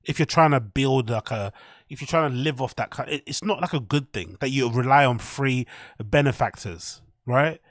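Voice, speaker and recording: Sweary streamer, dry close mic. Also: male voice, mid-range voice, moderate pace, dry recording. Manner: profane, rambling, talks to chat. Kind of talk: casual live-stream commentary.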